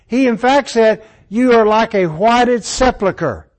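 A man with a fairly high voice leads an informal Bible class. He talks in a relaxed, conversational way and walks through the verses one at a time. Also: unhurried, low-quality recording. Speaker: Bible study teacher.

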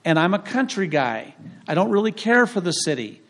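A man's voice: sits high, very animated, normal speed, fairly bright tone. A man preaching a sermon as pastor in a church, emphatic and throwing rhetorical questions to the congregation.

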